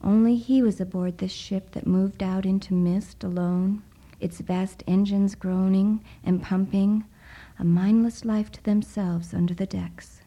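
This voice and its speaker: A woman narrates a story in a hushed, often whispered voice. She reads slowly and lingers over every phrase. Her tone is very dark and mellow. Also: mid-range voice, steady tone, low-quality recording. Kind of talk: soft-spoken story reading.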